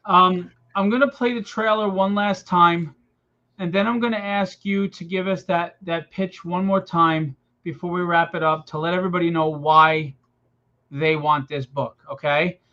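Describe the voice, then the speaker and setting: Male stream host, high-ish voice, loose friendly pitch, dull lo-fi sound. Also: fairly even intonation, moderate pace, sharp tone. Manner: chatty, encouraging, loose. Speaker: livestream host. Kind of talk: casual promotional chat.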